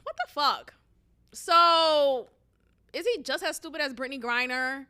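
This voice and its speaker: A woman's voice: high voice, unhurried, sharp tone. A young woman hosting her own podcast, chatting candidly and frankly, swearing and laughing often as she vents her frustration. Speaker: podcast host. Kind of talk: casual solo podcast chat.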